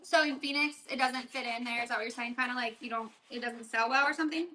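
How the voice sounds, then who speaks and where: Woman crafting at home on a livestream, high bright voice, chatting along with the comments. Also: fairly even intonation, fast, a little hiss or hum. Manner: chatty, reads viewer comments aloud while working. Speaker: livestream seller host. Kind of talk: casual crafting livestream chat.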